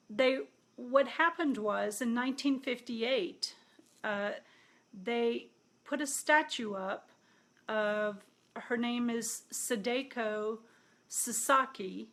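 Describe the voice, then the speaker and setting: Middle-aged woman, high-pitched, chatty healer telling a story and voicing the people in it. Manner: animated, acts out quoted dialogue. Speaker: intuitive healer. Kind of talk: casual storytelling monologue.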